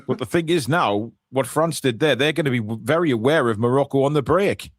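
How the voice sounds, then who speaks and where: A man's voice: mid-range voice, fairly quick, no echo, clean studio sound. A man co-hosting a live football watchalong, giving chatty play-by-play with jokey asides. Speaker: watchalong co-host. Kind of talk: live match watchalong commentary.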